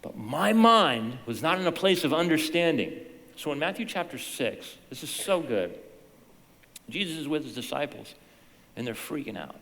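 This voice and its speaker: A man preaching a sermon as pastor, telling stories in an animated way that swings from hushed to loud. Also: fairly high pitch, moderate pace, gravelly, in a large hall. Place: church sanctuary.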